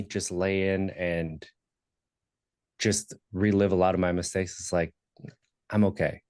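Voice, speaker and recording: A man in his thirties speaks in a very low voice, candid and reflective, pausing on fillers as he tells his own story as a podcast guest. The recording is dry and close. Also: darkish tone, dry recording. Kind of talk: personal story in conversation.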